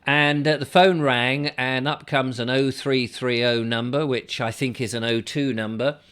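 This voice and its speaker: A man's voice: medium pitch, steady tone, unhurried, fairly bright tone, smooth. Rambling, chatty man vlogging. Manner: rambling, chatty, wry storytelling with asides. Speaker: vlogger, show host. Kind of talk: casual to-camera monologue.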